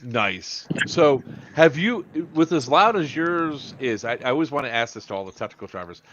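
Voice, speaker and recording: A man hosting a casual podcast chat, rambling and halting with lots of fillers and restarts. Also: mid-range voice, very animated, fairly bright tone, muffled recording, slight background noise. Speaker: podcast host.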